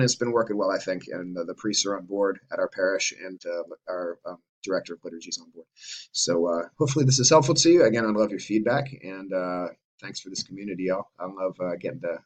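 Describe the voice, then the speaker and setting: A man's voice: deep voice, fast talker, low-quality recording. A man casually explaining how he leads chanted antiphons for a parish, with guitar in the background. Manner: talks loosely with fillers, breaks into chanting. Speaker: church music director. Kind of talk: casual explanation with sung examples. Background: guitar playing.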